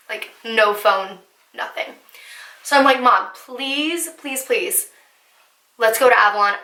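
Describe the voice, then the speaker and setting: Bright-voiced young woman vlogger. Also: on the high side. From New Jersey, US. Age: young adult. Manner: chatty, animated storytelling with many fillers. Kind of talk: casual storytime. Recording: echoey room.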